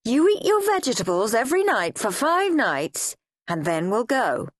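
A woman's voice: on the high side, very animated, no echo, clean studio sound, pitched above the performer's own voice. A woman with an English accent voicing a bossy, nagging mother in a storybook. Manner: brisk, firm, bargaining. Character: nagging middle-aged mother, brisk and bossy.

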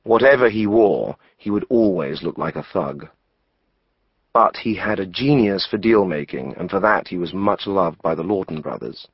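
A male audiobook narrator reads in a wry, measured manner, his voice sitting low. The recording is close and dry with a slightly dull tone. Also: dry recording. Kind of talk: scripted narration.

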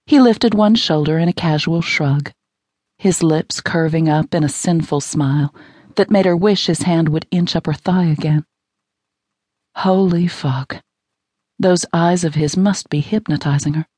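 A woman narrating a romance audiobook in an intimate, even storytelling manner on a close studio mic. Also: low-pitched, measured pace, dry recording.

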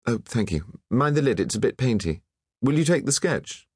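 A man voicing a brusque, prickly young woman painter who speaks in a gruff, curt way. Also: medium pitch, very animated, moderate pace, a little mellow, dry recording, studio quality, pitched above the performer's own voice. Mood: brisk.

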